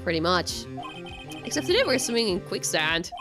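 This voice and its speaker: A woman voicing a weary young male defense lawyer in a dry, lowered voice, reading game dialogue. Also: very animated, normal speed, music in the background. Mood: wry.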